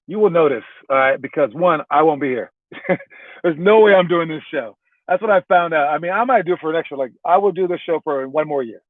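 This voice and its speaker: A man coaching basketball talks through a relaxed, wandering lesson from his car and pokes fun at himself. His voice sits a little high. The sound is thin and phone-like, with a dry, close feel. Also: no room sound. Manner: loose and rambling, checks in with "all right?"; self-mocking. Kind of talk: casual spoken coaching lesson.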